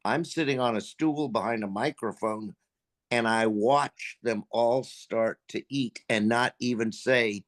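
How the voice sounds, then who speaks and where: A man's voice: medium pitch, a little slow. An older man, a voice actor guest, telling casual, profanity-laced stories and animatedly acting out what people said. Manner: profane, animated, acts out quotes. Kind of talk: casual storytelling.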